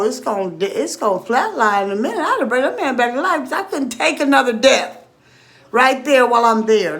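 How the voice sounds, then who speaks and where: A woman telling a long rambling story in casual chat, animated, often laughing and acting out quoted voices, blunt and profane. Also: a little high.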